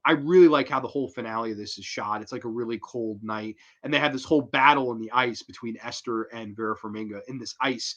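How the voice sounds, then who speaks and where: A man hosting horror film reviews in a loose, rambling, profane and animated way. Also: medium pitch, dull audio. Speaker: horror movie reviewer, host. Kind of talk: casual spoken film review.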